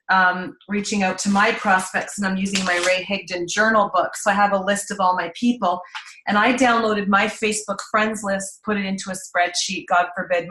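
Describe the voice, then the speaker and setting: A chatty, upbeat woman hosts a casual live video chat. Her voice sits at an ordinary middle pitch. The room around her sounds echoey. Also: fairly bright tone. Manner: chatty, upbeat, lots of "like" and "you know". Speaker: host.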